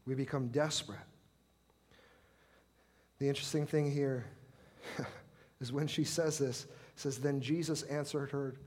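A middle-aged man preaching a sermon, impassioned, swelling to loud pleading when he acts out prayers. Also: medium pitch, steady tone, a little slow, pauses often.

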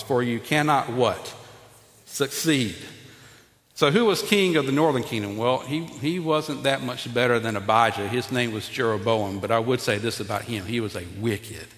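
A man's voice: medium pitch, a bit bright. A man preaching a sermon to his congregation in a folksy, conversational way, often repeating and restarting words. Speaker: pastor. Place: church sanctuary. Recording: echoey hall with long reverb.

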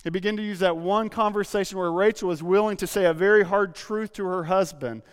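A pastor preaching a sermon, telling a personal story in a confessional way with frequent restarts. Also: male voice, high-pitched, a little fast, clean tone. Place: church sanctuary. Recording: long hall reverb.

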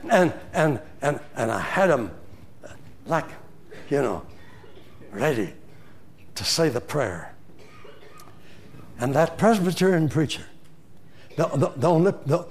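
An older man preaching a sermon, telling a story with animated swings from loud to hushed. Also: on the high side.

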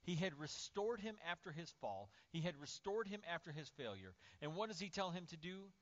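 A male pastor preaching a lively sermon, swinging from loud, acted-out outbursts to near-whispers. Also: on the high side, brisk. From Indiana, USA. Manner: animated, acts out voices and swings from shouting to near-whisper. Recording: dull lo-fi sermon audio.

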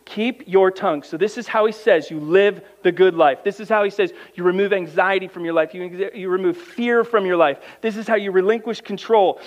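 High-voiced preacher with dramatic swings. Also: male voice. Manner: reads scripture aloud and breaks in with emphatic commentary; swings from quiet, low asides to loud, high, drawn-out emphasis. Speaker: pastor. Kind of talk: sermon.

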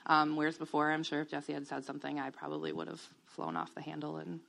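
Candid woman with a lowish voice. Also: little pitch movement, fast, creaky. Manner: candid and reflective, many ums, soft laughs. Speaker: guest sharing a testimony. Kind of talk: personal testimony, casual.

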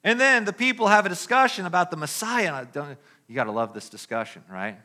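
A man preaching a sermon, reading scripture emphatically and then dropping into quiet, conversational asides. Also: high voice, lively intonation, fast talker. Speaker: pastor.

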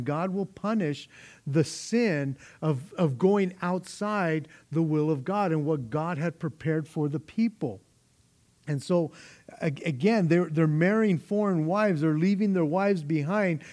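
A man's voice: a little high, measured pace, mellow. A man preaching a sermon in a conversational way, often repeating words as he builds a point. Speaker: pastor.

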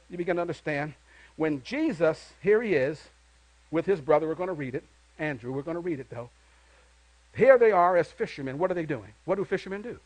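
A man preaching a sermon with a high, bright-sitting voice, recorded close and dry with no room sound. He calls on the congregation to answer back and lifts into loud bursts of praise. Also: dry recording, low-quality recording. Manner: call-and-response preaching, rising into loud exclamations. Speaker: pastor.

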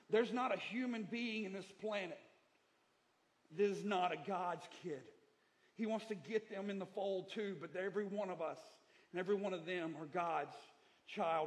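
A man's voice: sits high, normal speed. A middle-aged male pastor preaching a sermon, emphatic and repetitive, moving between lessons and personal stories.

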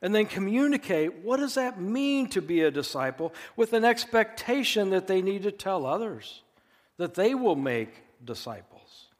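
A male pastor preaching a sermon in an earnest, emphatic way, slowing down to stress key phrases. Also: sits high, sing-song, big-room sound.

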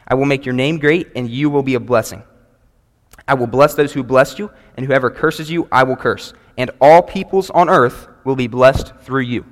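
A man preaches earnestly to his congregation, pausing to read scripture aloud in a steady, measured way. His voice sits in a middle register. It rings out with the long reverb of a large church hall. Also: medium pitch. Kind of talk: sermon. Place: church sanctuary before a congregation.

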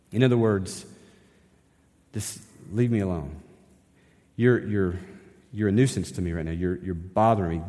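A man's voice: on the low side, a little mellow. A man, preaching a sermon as pastor in a conversational style, often asking the congregation rhetorical questions. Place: church sanctuary. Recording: long hall reverb in a church.

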